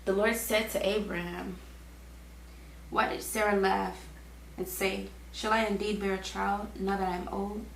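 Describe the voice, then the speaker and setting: A woman's voice: mid-range voice, little pitch movement, measured pace, vocal fry. A young woman reads the Bible aloud casually, stopping for chatty, slangy asides as a Bible reading host. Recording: echoey room with faint background hum.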